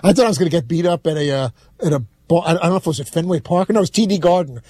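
A man's voice: fairly high pitch, racing, darkish tone, no echo. A man with a New York accent telling a long story as a show regular, rambling and breaking off his sentences. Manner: rambling, self-interrupting storyteller. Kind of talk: casual studio chat.

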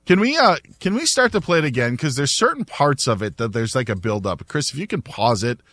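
Lively, laughing male radio host. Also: medium pitch, brisk, no echo. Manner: animated, laughing storyteller. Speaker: radio talk show host. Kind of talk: casual sports talk.

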